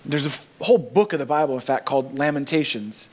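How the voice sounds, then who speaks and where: A man's voice: mid-range voice, lively intonation, fast talker, darkish tone. A man preaching a sermon in a church, earnest and emphatic, rising on key phrases. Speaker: pastor.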